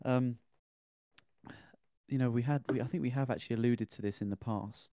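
A man's voice: medium pitch, fairly even intonation, brisk, dark tone. A man, a podcast co-host who chats in a laid-back, joking way while introducing a story. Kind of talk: casual podcast chat.

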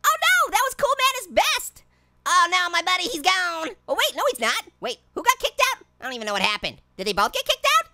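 A man's voice: sing-song, fairly quick, bright, forceful tone, full character voice. A man voicing a hyperactive, giggly male talking orange in a cartoon let's-play, squealing and joking through close calls. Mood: giddy. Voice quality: squeaky, high and nasal with constant giggles. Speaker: gaming channel host. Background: game music.

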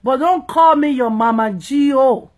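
A woman's voice: high-pitched, unhurried, a little mellow. A woman evangelist, preaching emphatically and playfully, often checking that listeners understand. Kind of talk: preaching talk.

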